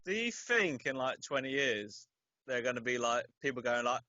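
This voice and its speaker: A man co-hosting a podcast in casual chat, making dry, deadpan jokes. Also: mid-range voice, moderate pace, no room sound. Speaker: podcast co-host. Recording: dry, dull lo-fi sound.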